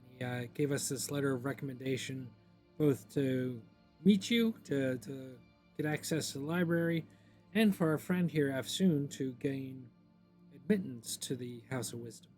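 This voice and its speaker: A man's voice: mid-range voice, moderate pace, darkish tone. Guy player in a tabletop game, hesitant, restarts a lot, music faint behind. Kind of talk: tabletop role-play.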